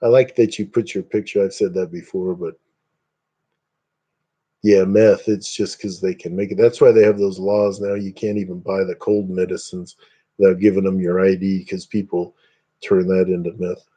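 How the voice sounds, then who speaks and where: A man's voice: low voice, flat delivery, normal speed, warm tone, husky. A man from Indiana hosting a casual livestream, rambling chattily and greeting viewers by name. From Northeast Indiana, USA. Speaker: livestream host.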